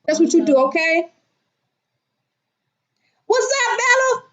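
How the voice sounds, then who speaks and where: A woman, hosting a casual livestream from home, loud and profane, greeting viewers by name. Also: extremely high pitch, animated, takes it slowly, highs cut off. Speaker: livestream host.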